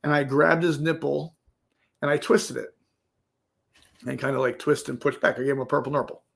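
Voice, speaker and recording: A man, a podcast guest, telling an animated casual story, acting out the quotes and tagging "right?" onto his lines. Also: mid-range voice, moderate pace, creaky. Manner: animated, acts out quotes, says "right?" often.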